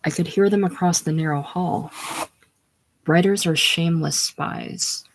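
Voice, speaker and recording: A reader calmly reading narration and stage directions in a casual play reading. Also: medium pitch, a little slow, noisy background.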